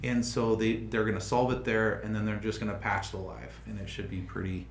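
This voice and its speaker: A man's voice: lowish voice, flat delivery, brisk, roomy sound, slight background noise. A man hosting a casual livestream, thinking aloud with frequent restarts as he explains how a project is going. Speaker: livestream host.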